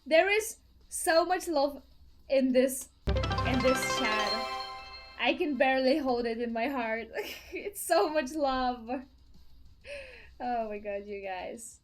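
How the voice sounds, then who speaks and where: A high-voiced woman streamer talks slowly with a lively, swooping melody. She giggles and gushes thanks to her viewers. Faint game music plays underneath. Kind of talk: live game stream chat.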